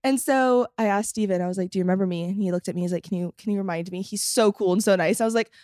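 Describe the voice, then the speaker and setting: A young woman in casual podcast chat, telling a story with lots of energy and acting out what people said. Her voice has a middle pitch and swings up high when she gets excited. The sound is close and dry. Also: racing, dry recording. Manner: animated storytelling, acts out quotes, laughs often. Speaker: podcast guest.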